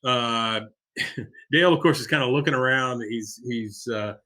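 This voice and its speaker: A man's voice: medium pitch, unhurried, pushed and bright. A man co-hosting a podcast, casually retelling an episode scene by scene with side comments. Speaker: podcast co-host.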